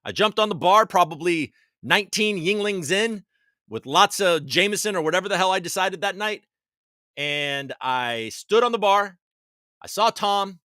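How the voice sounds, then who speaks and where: Guy hosting a chill livestream from his basement, bright forceful voice, kinda high, dry close sound. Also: expressive, normal speed, dry recording. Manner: loose, chatty and swearing, with laughs and shout-outs. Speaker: livestream host. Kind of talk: casual livestream chat, reading out viewer comments. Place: home basement.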